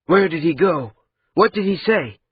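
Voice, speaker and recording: A man voicing a frightened, angry young male apprentice who speaks in tense, sharp outbursts. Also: medium pitch, animated, slow pace, breathy edge, no room sound, phone-quality sound, full character voice. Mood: anxious.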